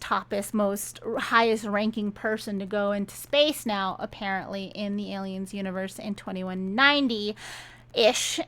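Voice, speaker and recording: A woman's voice: a little high, fairly bright tone. A woman reviewing a book in a sarcastic, exasperated rant, retelling the plot.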